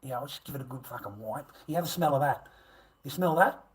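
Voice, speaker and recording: A middle-aged man talks on a livestream in a crude, swearing way. He taunts and mocks his viewers. His voice sits at an ordinary middle pitch. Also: quick pace, low-quality recording. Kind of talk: profane livestream rant.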